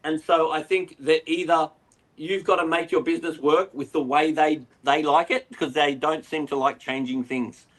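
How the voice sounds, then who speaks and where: A man's voice: on the high side, moderate pace. A middle-aged Australian man, an aquarium retailer, chatting casually as a guest and rambling through stories. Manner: rambling, animated storyteller. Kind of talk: casual interview chat.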